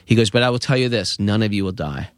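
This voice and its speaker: A man in his fifties, a podcast guest, telling an anecdote with lively acted-out quotes. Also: fairly low pitch, fast, no echo, studio quality. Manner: lively storyteller acting out quoted voices. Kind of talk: anecdotal storytelling.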